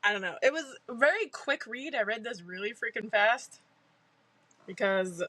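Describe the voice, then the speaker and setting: A woman's voice: fairly high pitch, animated, normal speed, bright, forceful tone, dry recording. A woman co-hosting a podcast, giving frank opinions on a book and laughing often in casual chat. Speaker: podcast co-host.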